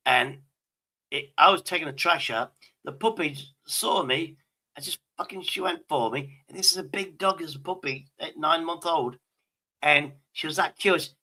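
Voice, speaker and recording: A man's voice: fairly high pitch, sharp tone, poor audio. A man from Britain hosting a stream, telling rambling stories in crude casual banter and swearing constantly. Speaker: stream host.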